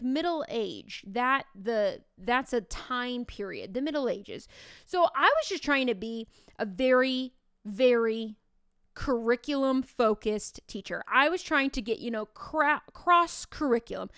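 A woman in her thirties, a teacher co-hosting a podcast, telling classroom stories with lively, acted-out dialogue. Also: fairly high pitch, clean tone, no echo, clean studio sound. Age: 30s. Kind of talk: casual podcast chat.

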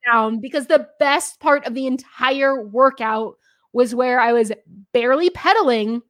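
Chatty woman podcast host with a higher voice and a dry, close sound. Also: moderate pace, a bit bright, no room sound. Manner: chatty storyteller. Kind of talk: casual conversation.

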